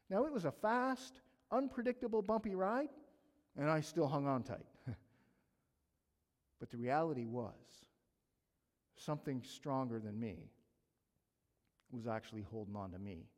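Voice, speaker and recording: A man preaching a sermon, telling a personal story with animated delivery and acting out his own panic. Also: medium pitch, a little slow, pauses often. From Canada. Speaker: pastor. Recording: long hall reverb.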